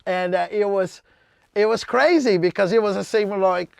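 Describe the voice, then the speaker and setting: A man from Brazil, whose first language is Portuguese, telling stories in a casual podcast chat and acting out what people said with big jumps in pitch. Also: moderate pace, gravelly, smooth, no room sound. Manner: animated, acts out quotes with big jumps in pitch. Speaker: DJ, podcast guest. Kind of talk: casual storytelling.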